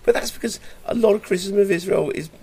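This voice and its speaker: A man's voice: sits high, quick pace, gravelly, mellow, husky. A man chatting casually and thoughtfully, often stumbling and repeating his words. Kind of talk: casual conversation.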